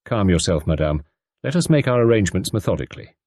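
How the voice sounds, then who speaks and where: A man voicing a fastidious middle-aged detective who speaks formally, methodically and courteously. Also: deep voice, big pitch swings, a little mellow, dry recording, studio quality, heavily acted. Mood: measured.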